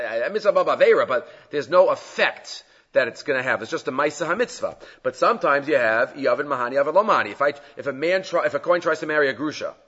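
A man teaching a Talmud class, asking rhetorical questions and retelling stories with animated emphasis. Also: mid-range voice, slightly rough. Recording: dull lo-fi recording.

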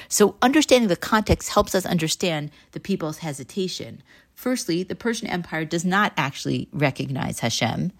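Woman Bible teacher, fairly low voice, patient explaining, slow verse reading. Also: sing-song. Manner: explains patiently, reads Hebrew verses slowly and translates them. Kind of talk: text study lecture.

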